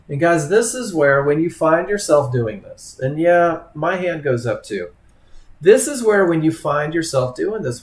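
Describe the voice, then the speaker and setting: Male webinar instructor, slightly high voice, conversational teaching, echoey room sound. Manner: conversational, addresses students by name, acts out trader thoughts. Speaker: trading instructor.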